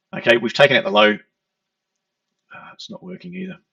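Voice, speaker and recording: Gravelly man explaining charts. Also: mid-range voice, pushed and bright, no room sound. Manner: explanatory, conversational, repeats "okay". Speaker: trading educator. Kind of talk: chart walkthrough lesson. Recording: dull lo-fi, distant from mic.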